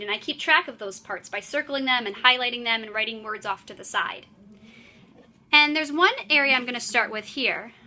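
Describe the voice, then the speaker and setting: A woman in her thirties teaching a writing lesson to a class, clear and encouraging as she explains. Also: on the high side, sharp tone.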